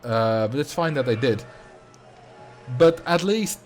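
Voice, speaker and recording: A man streams a game live, rambling casually as he answers his chat, with faint game music behind him. His medium-pitched voice has lively intonation and moves a little slowly.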